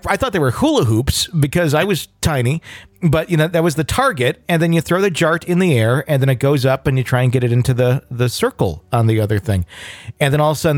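A man's voice: fairly high pitch, dry recording. A man hosting a podcast, chatting casually and telling stories with laughter. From Wisconsin. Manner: animated storytelling with laughs. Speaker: podcast host. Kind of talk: casual chat.

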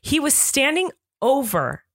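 A woman's voice: sits high, big pitch swings, a little slow, a bit bright, dry recording, clean studio sound. A woman co-hosting a podcast, chatting casually, telling stories and reading an ad with laughs. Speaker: podcast co-host. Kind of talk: casual chat with ad read.

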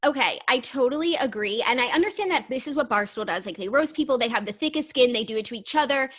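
A woman's voice: on the high side, animated, quick pace, a bit bright, no echo. Chatty young woman podcast co-host. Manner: chatty, heavy use of "like". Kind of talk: casual chat.

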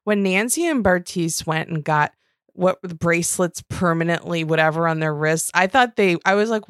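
A woman talks casually on a podcast, her voice on the low side, and the recording sounds close and dry with no room around it. She retells moments in an animated way and swears freely. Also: moderate pace, clear, resonant tone, dry recording. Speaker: podcast co-host. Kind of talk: casual chat.

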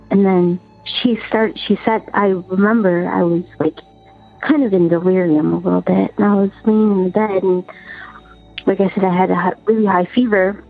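A woman's voice: medium pitch, fairly even intonation, creaky, husky, faint music behind. Woman telling a story over a tinny phone line. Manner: earnest, halting, repetitive storytelling. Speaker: caller.

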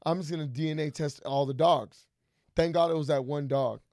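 A young man swapping stories on a podcast, his voice gravelly and pitched a bit high. He talks in an animated, profane rush, recorded dry and close. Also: brisk, no room sound. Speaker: podcast guest. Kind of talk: casual podcast storytelling.

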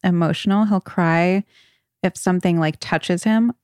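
A woman's voice: lowish voice, steady tone, unhurried, a little mellow, smooth, no room sound, studio quality. A woman hosting a podcast, chatting casually at home with a friend and laughing between phrases. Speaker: podcast host. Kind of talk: casual chat.

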